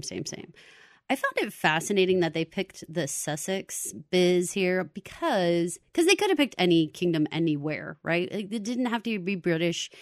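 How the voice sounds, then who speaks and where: Podcast co-host, woman, slightly low voice, animated chat, dry sound. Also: no echo. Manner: animated, laughing, exclamatory. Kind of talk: casual chat reviewing a show.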